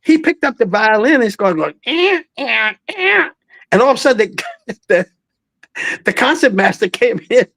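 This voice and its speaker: A man's voice: high-pitched, moderate pace, long pauses, no echo. A man in his eighties, a veteran singer guest, telling stories in an interview, acting out voices and laughing often. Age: 80s. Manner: animated storyteller, acts out voices, laughs often. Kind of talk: storytelling interview.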